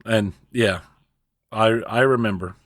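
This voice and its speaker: A man's voice: on the low side, slow pace, a bit bright, dry recording. A man co-hosting a casual gaming podcast, giving news with wry, dry asides. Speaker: podcast co-host.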